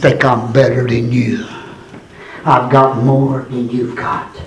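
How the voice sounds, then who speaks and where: A man preaching a fervent sermon, going from low, measured speech to high, shouted preaching. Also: little pitch movement, crowd noise. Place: church. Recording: echoey church room, far from mic, congregation.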